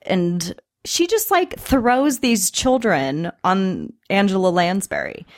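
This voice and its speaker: A chatty woman co-hosting a casual movie chat, her pitch bouncing all over as she talks. She giggles often and slips into goofy voices mid-sentence. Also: sing-song, slow. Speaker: podcast co-host.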